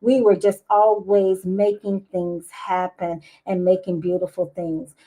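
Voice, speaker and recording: A middle-aged woman talks as a podcast guest, telling her stories in an animated, expressive way. Her talk is casual and warm-hearted in tone, with rising bursts of excitement. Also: medium pitch, unhurried. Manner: lively storytelling, expressive. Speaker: guest, business owner. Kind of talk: casual interview chat.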